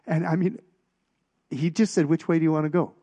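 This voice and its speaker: A middle-aged man preaching a personal testimony, telling stories with halting restarts and getting louder at the punchlines. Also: fairly high pitch, steady tone. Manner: storytelling, halting restarts, rises in volume at punchlines.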